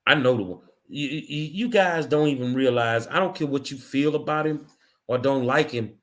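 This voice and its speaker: A middle-aged show host with a medium-pitched, somewhat bright voice speaks at a moderate pace. On his own show, he delivers an impassioned monologue that's angry and emphatic, hammering points through hard repetition.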